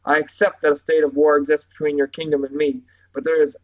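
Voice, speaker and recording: Man putting on a storybook scarecrow, pompous, theatrical, high and shrill. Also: normal speed, rough recording. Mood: stern. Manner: grand, theatrical, shrill when excited. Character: pompous excitable male scarecrow with turnip head.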